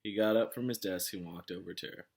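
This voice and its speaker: A man's voice: sits low, fairly even intonation, fast talker, creaky, breathy edge. A man reading a novel aloud in a casual way, with small slips and restarts. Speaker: reader of a novel.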